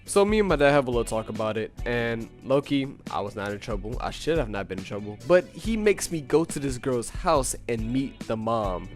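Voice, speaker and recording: A man's voice: medium pitch, very animated, brisk, hardly any pauses, soft background music. Laid-back young man telling a story. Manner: laid-back slangy talk with lots of "you know". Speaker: storytime YouTuber. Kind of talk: casual storytime narration.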